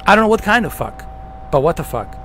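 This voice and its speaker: A heated man rants at the camera, swearing constantly and hammering his points over and over. His voice sits high and swings widely in pitch. A faint noise hums under the recording. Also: very animated, quick pace, bright, forceful tone. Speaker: gaming channel host. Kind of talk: profane rant to camera.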